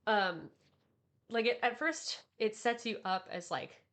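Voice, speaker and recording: A woman co-hosting a casual podcast, talking in a rambling, animated way with many fillers. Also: fairly high pitch, takes it slowly. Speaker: podcast co-host. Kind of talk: casual anime chat.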